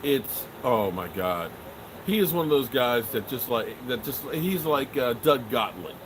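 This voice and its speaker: A man's voice: mid-range voice, unhurried, noisy background. A middle-aged man hosting a sports live stream and joking his way through the chat in a loose, casual manner. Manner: joking, animated, swears and trails off often. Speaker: sports show host answering live chat.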